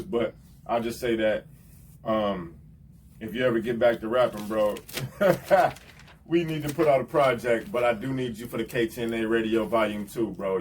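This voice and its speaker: A man, a rapper hosting his own show, giving heartfelt, rambling shout-outs in casual slang and often adding "you know what I'm saying". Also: medium pitch, recorded from a distance, a little hiss or hum.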